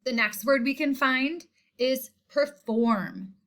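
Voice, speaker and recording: A woman teacher walks through a spelling lesson, saying each word, using it in a sentence and then saying it again. She talks at an unhurried pace in a fairly high voice. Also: fairly bright tone. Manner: slow, deliberate, repeats each word. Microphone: screen recording voice-over.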